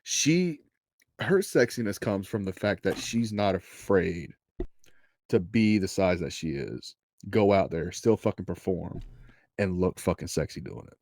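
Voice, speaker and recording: A man's voice: low-pitched, animated, a little slow, a little mellow, no echo. A man co-hosting a casual wrestling podcast, crude and enthusiastic, swearing constantly. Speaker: podcast co-host.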